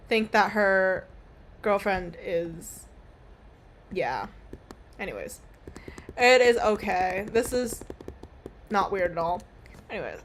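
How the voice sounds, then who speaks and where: A woman's voice: mid-range voice, pushed and bright. A young woman streaming a game, talking in a casual, rambling, self-mocking way with some swearing. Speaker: gaming streamer. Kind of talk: casual let's-play commentary.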